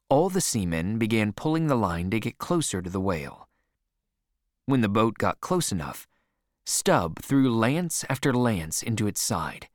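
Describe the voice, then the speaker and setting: A male narrator with a low voice reads a scripted audiobook slowly and expressively. The studio-quality recording is dry.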